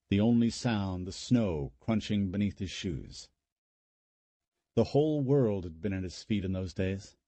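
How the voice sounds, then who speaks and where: Male audiobook narrator; husky, warm low voice, dramatic and expressive reading. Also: dry recording.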